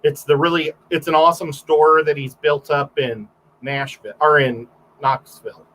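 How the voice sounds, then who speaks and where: A man's voice: fairly high pitch, fairly even intonation, normal speed, sharp tone, poor audio. A man, a photographer, guesting on a livestream and telling rambling stories in casual chat, full of fillers and restarts.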